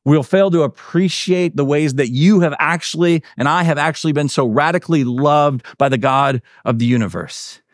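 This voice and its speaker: A man's voice: moderate pace, few pauses, dry recording, studio quality. A man preaching a sermon in a conversational way, full of fillers and tag questions, and he acts out the quotes he tells. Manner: acts out quotes with big pitch swings. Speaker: pastor.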